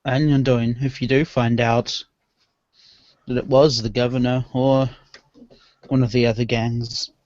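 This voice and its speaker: A man playing his character in a tabletop role-playing game, speaking slowly and mixing in small laughs. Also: mid-range voice, little pitch movement, a little mellow, no echo. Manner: slow, laughs between lines. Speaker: player. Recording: dry, dull lo-fi recording.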